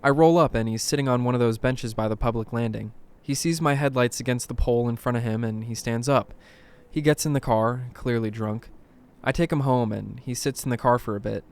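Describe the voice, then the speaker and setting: A man reading creepy first-person stories aloud in a dramatic narration, dropping to a hush at tense moments. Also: mid-range voice, a little fast. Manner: dramatic, hushed at tense moments, bursts of alarm. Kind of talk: scripted horror story narration.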